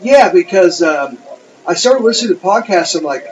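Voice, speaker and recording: A man's voice: high voice, animated, moderate pace. A man co-hosting a podcast, telling rambling, profane stories in casual chat. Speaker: podcast co-host. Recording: dull lo-fi sound with faint noise.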